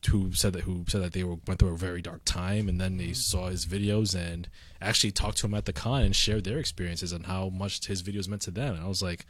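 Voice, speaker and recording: A man's voice: sits low, fairly even intonation, brisk, fairly bright tone. A man co-hosting a casual chat, rambling with lots of fillers and restarts. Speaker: podcast co-host.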